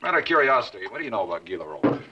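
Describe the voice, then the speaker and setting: Cagey frontiersman, quick, low, lively voice, muffled old TV sound with faint hiss. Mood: guarded. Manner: probing questions, guarded. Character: cagey, suspicious frontier man.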